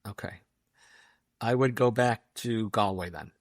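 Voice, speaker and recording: A man's voice: lowish voice, a little slow, creaky, no room sound. A man co-hosting a podcast in casual chat, easygoing and rambling, recorded close and dry. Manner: easygoing, rambling storyteller with fillers. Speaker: podcast co-host.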